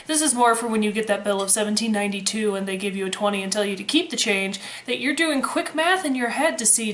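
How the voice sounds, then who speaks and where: A woman's voice: mid-range voice, fast, hardly any pauses, a bit bright. A woman in her twenties chatting casually to camera, sarcastic and freely swearing with dry humor. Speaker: vlogger, former waitress. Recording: roomy echo.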